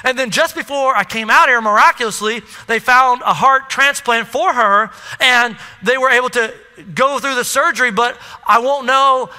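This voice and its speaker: Earnest, halting young man, as a preacher quotes him, smooth high voice in a hall. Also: pushed and bright, heavily acted. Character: tender-hearted young man telling a family story. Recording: echoey hall.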